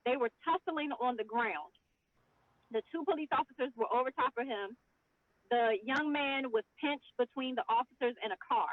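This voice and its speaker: A woman's voice: high-pitched, normal speed, no echo. A woman guest talking and performing spoken word poetry in an impassioned, rhythmic, emotional way, heard over a video call. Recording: dry, tinny phone-like audio.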